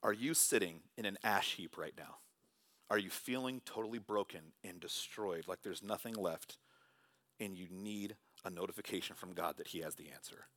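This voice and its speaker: Bright-voiced man preaching a sermon. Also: low-pitched, normal speed, soft background music. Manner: swings from loud animated bursts to hushed quiet delivery. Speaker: pastor.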